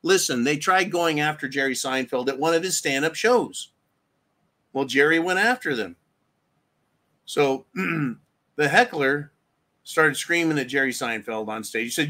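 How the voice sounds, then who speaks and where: A man's voice: on the high side, normal speed, bright, forceful tone. A middle-aged man hosting a solo commentary rant, rambling, sarcastic and profane. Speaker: host.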